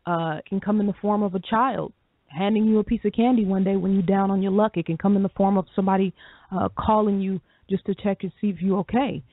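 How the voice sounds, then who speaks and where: A woman with a gravelly, creaky voice co-hosting a talk radio show, speaking in a thoughtful, measured way with frequent pauses. She sounds like she is on a tinny phone line, close and dry. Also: mid-range voice, steady tone, no echo. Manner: reflective, measured, frequent ums.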